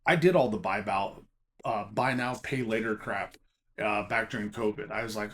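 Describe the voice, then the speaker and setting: A man's voice: on the low side, moderate pace, slight background noise. A man talking casually to camera about collecting and selling trading cards, emphatic and chatty, often checking in with "okay?". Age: adult teaching a college class. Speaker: Pokémon card collector and seller.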